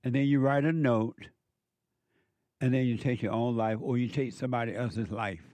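A man giving an impassioned spiritual monologue, emphatic and repetitive, slowing down to stress his points. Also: mid-range voice, darkish tone, no room sound. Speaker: speaker preaching about the devil.

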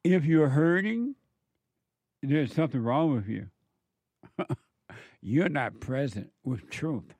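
A man's voice: on the high side, lively intonation, slow, long pauses, a little mellow, slightly rough, dry recording. A male counselor delivering a preachy monologue, firing off emphatic rhetorical questions in a scolding tone.

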